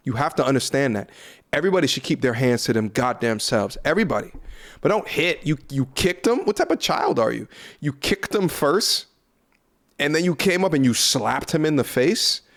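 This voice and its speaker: Man, mid-pitched voice, blunt commentary host, swears a lot, lecturing tone. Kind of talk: casual reaction commentary.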